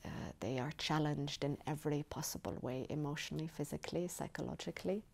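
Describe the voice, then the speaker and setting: A woman filmmaker talking about her documentary in a film festival interview, reflective and measured, pausing to search for words. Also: sits low, creaky.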